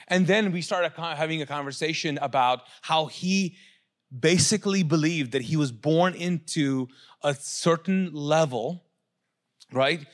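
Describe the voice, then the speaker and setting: A middle-aged male pastor preaching a sermon, animated, asking the crowd questions and acting out quotes. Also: a little high.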